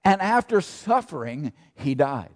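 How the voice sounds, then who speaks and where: A man's voice: a little high, very animated, unhurried. A man preaching a sermon as pastor, emphatic, asking rhetorical questions and repeating key phrases. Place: church sanctuary. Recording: long church reverb.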